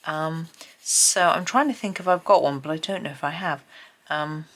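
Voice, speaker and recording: A woman hosting a casual colouring tutorial at home, chatting and thinking aloud as she works, with frequent pauses and hesitations. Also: sits low. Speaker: colouring channel host. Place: home, at a desk with a tripod camera. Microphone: camera on a tripod.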